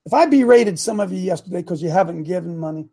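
A man's voice: high voice, animated, fast talker, vocal fry, warm tone, husky. A middle-aged man hosting a call-in talk show, preaching and scolding his listeners in a combative way.

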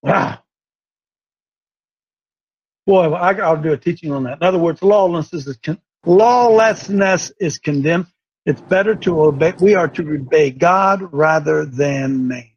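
A man preaching an impassioned sermon, swinging between shouted declarations and quieter, lower asides. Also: a little slow, breathy edge. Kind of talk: fiery sermon. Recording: dull lo-fi recording.

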